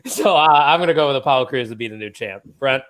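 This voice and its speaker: A man's voice: mid-range voice, lively intonation, quick pace, fairly bright tone. A man hosting a podcast, leading a casual, joking chat. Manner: joking, leads the discussion. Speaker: podcast host.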